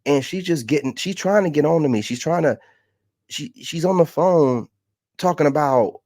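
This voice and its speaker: A man's voice: fairly high pitch, moderate pace, darkish tone, no echo, studio quality. A man, a content creator venting in a heated, mocking rant. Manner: exasperated, ranting, mocking.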